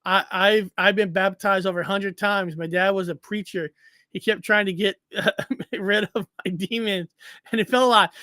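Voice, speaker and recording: Chatty co-host, male, who repeats words and laughs a lot; bright, forceful tone, dry mic. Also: high-pitched, steady tone, moderate pace, no room sound. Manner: rambling, stammering repetitions, frequent laughs. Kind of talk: casual chat.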